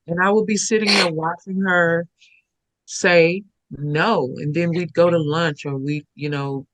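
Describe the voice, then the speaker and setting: A woman's voice: lowish voice, moderate pace, no room sound. Storytelling woman guest, dry close sound. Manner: storytelling, mimics others' voices. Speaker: guest, dancer. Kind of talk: conversational interview.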